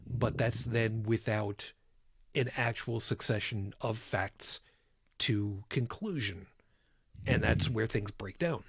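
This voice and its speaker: A man's voice: fairly low pitch, slow, breathy edge, no echo. A man co-hosting a casual podcast chat, blunt and emphatic, swearing as he explains. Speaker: podcast co-host.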